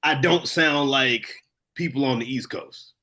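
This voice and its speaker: A young man with a light St. Louis accent chatting on a podcast, expressive and emphatic, and he swears freely. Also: mid-range voice, unhurried. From St. Louis, Missouri. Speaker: podcast co-host. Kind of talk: casual chat.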